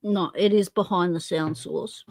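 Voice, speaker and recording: A woman's voice: lowish voice, steady tone, a little slow. An Australian woman hosting a casual livestream, chatty and self-deprecating, greeting viewers one by one by name. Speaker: livestream host.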